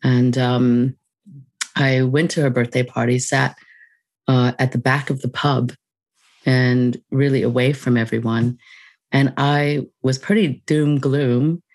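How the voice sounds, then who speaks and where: A woman guest on a podcast, telling a personal story in a reflective, unhurried way, laughing lightly between thoughts. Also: a bass voice, steady tone, a little mellow, no echo. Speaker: podcast guest, mindfulness teacher.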